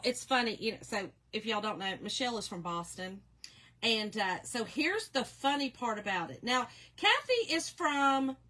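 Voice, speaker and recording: A woman's voice: fairly high pitch, bright, forceful tone. A woman with a Southern Appalachian accent, chatting casually to her viewers as a crafting host, telling stories and laughing often. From Kentucky and Georgia, USA.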